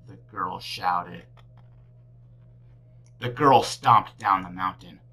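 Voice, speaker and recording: A woman teacher reading a picture book aloud to children, with big expressive swings in her delivery. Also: a bass voice, takes it slowly, pauses often, low-quality recording. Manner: animated, big swings for characters.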